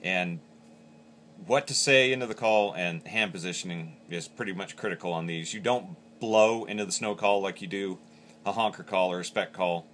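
A man's voice: sits low, moderate pace, a bit bright, slight background noise. A man teaching how to use a game call, explaining each step plainly. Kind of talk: hands-on instructional demo.

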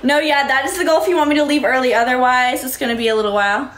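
Talking fast in a high-pitched, fairly bright voice with fairly even intonation, a livestreamer reads out comments from her audience. She thanks viewers by name with breezy cheer, and the room she's in is echoey.

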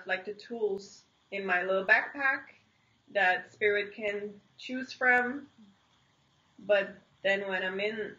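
A young woman from the Netherlands, telling a personal story as an interview guest in an animated, rambling way full of "like" and restarts. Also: mid-range voice, highs cut off. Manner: animated, heavy use of "like" and restarts. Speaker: interview guest, singer-songwriter. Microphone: online video call.

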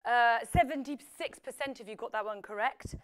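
A woman's voice: fairly high pitch, normal speed, fairly bright tone, clean tone. A young woman hosting a live quiz on an app, chatty and playful, reading out the answer splits and breaking into bits of songs. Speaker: quiz show host.

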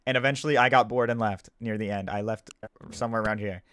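A gaming YouTuber who just woke up explains himself in casual video commentary, defensive and stumbling as he repeats and restarts sentences. His voice is on the low side, fairly even and bright, fast, with a little hiss or hum.

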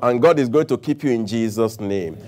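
A man's voice: mid-range voice, brisk. A man preaching a sermon, calling on the congregation to answer and repeat after him. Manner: animated preaching with audience call-and-response.

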